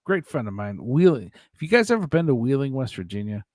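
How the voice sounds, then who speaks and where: This Ohio man, from the USA, hosts a casual show with a mid-range voice, speaking fast in clean studio sound with no room noise. Animated and jokey, he reads out viewer comments, kids around with his guests and laughs a lot.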